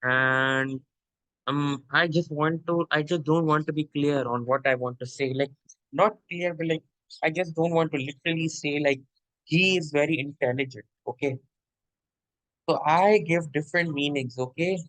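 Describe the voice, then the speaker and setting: A man's voice: fairly high pitch, steady tone, moderate pace, a bit bright, no room sound, rough recording. A male literature teacher giving an explanatory lecture, repeating points and checking in with "okay?" and "my dear.". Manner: addresses listener as "my dear".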